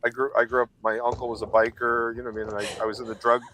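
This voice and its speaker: A man on a casual live stream panel chat who talks candidly and haltingly about his life. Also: medium pitch, level tone, bright, forceful tone, slight background noise, poor audio. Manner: candid, halting personal talk.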